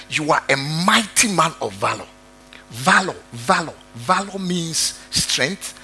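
A man's voice: a little high, bright, forceful tone, poor audio. A man preaching a sermon who stresses and repeats key words and speaks straight to his congregation.

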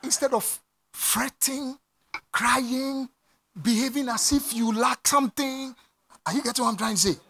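A man preaching a sermon to a congregation, repeating phrases, laughing and breaking into shouts. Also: very high-pitched, measured pace. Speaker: pastor. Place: church before a congregation.

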